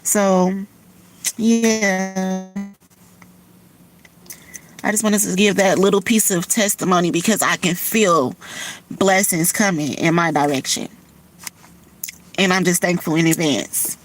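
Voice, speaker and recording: A woman's voice: lowish voice, slow pace, pauses often, slight background noise, rough recording. A tearful woman, talking candidly and from the heart on her livestream, swearing casually. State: tearful from crying. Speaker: livestream host. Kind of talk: emotional personal livestream talk.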